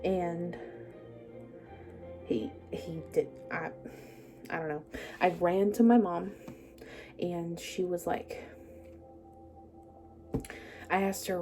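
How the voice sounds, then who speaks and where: Soft-spoken young woman, halting storytelling. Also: on the low side, steady tone, soft background music. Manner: halting and hesitant, with many pauses and fillers. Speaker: vlogger telling her life story. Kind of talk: personal storytelling to camera.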